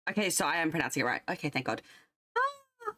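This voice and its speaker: A woman's voice: sits low, lively intonation, rapid-fire, sharp tone, dry recording. A young woman streamer chatting casually with her viewers, rambling and self-deprecating. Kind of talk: casual livestream chat.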